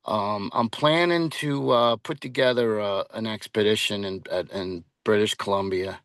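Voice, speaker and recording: A man with a fairly low voice speaks in a loose, rambling way, full of "um"s and restarts, as a guest on a paranormal interview. The recording is dry and close, with no room sound. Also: normal speed, a bit bright, dry recording. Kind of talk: casual interview chat.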